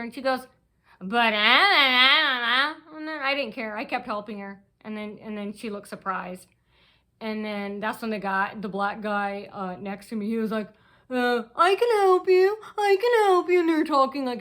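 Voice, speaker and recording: Woman vlogger ranting, kinda high bright sharp voice, keeps restarting her sentences. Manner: agitated, aggrieved, restless storytelling with many restarts. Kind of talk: rambling personal monologue.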